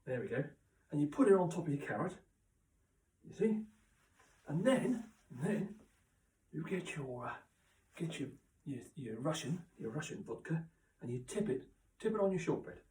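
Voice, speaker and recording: A man rambles through a deadpan comic monologue, stumbling and circling back as he goes. His voice sits slightly high and comes from a little way off the mic, with a roomy echo around it. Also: recorded from a distance. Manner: rambling, halting, full of restarts and asides. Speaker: comic character host. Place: chilly indoor room.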